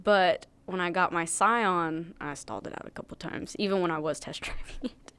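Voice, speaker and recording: A young woman guest on a podcast, telling stories in a jokey, animated way. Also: fairly low pitch, moderate pace, clean tone. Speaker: guest musician. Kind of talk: casual interview chat.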